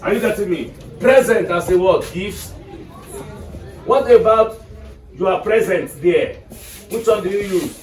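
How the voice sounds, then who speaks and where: A man's voice: sits high, expressive, measured pace, pauses often. A man with a Nigerian accent teaching an English lesson to a class, quizzing students and checking "are you getting me". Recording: echoey classroom from far off with noise.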